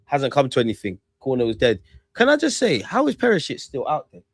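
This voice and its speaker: A young man giving excitable live commentary on a match, calling out to players and the referee and swearing. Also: mid-range voice, a little fast, husky, dry recording. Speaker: football fan streamer.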